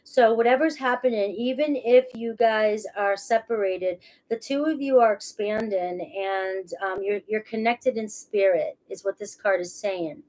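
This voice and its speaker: A woman's voice: mid-range voice, unhurried, few pauses, a little mellow. A woman giving a casual tarot reading to camera. She talks chattily and reassuringly, often adds "all right" and "okay", and restarts her sentences. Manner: laughs at herself, restarts phrases. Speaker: tarot reader.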